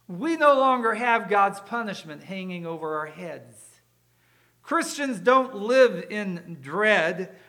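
A man preaches a sermon as pastor in a high-pitched, fairly bright voice. He's emphatic and explanatory, often posing rhetorical questions to the congregation and repeating words when he restarts.

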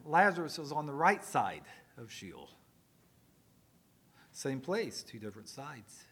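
Joking with his congregation, a male preacher moves between loud, emphatic lines and quiet asides in his sermon. His mid-range voice is husky and sing-song, slow-paced, with frequent pauses.

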